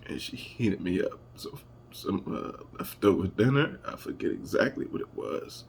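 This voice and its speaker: A man telling a personal family story to camera, emotional and halting as he searches for words. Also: deep voice, animated, creaky, a little hiss or hum. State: emotional, holding back tears. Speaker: vlogger.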